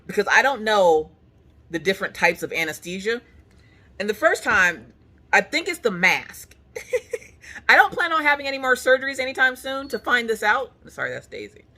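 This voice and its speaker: A woman vlogging casually from her couch, telling a story with animated energy and acting out what people said. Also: on the high side. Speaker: crafting vlogger. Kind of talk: casual chat. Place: home, on a couch.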